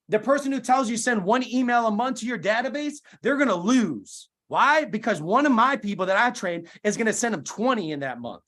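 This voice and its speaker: Punchy male motivational speaker, high-pitched, video call. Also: fairly bright tone. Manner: emphatic, punchy rhetorical questions. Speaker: guest speaker.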